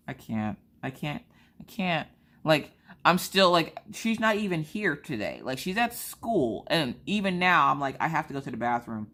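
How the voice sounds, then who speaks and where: Animated woman telling family stories. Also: low voice, moderate pace. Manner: animated, acts out family members' voices. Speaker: vlogger. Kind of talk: casual storytelling chat.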